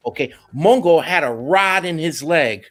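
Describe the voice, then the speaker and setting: Lively high-voiced man telling stories. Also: unhurried, faint music behind. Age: middle-aged. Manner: animated, slangy, slips into Spanish. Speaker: musician guest. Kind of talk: casual interview storytelling.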